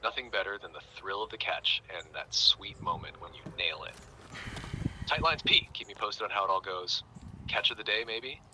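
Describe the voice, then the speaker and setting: Deep synthetic male voice, cheery banter. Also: expressive, moderate pace, noisy background. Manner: cheery, folksy Irish-flavoured phrasing. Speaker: AI chat companion. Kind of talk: chatty joke-telling banter. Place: played from a phone on a river outdoors.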